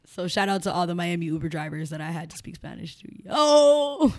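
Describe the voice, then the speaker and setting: A woman with a Chicago accent, a guest on a casual interview podcast, telling stories in an animated, emphatic way. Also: sits low, fast. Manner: animated, emphatic storyteller who slips into mimicked voices.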